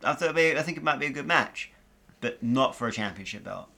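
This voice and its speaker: A man's voice: mid-range voice, animated, fast talker, creaky, bright, forceful tone. A man in casual podcast chat, opinionated and rambling, with frequent restarts. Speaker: podcast co-host.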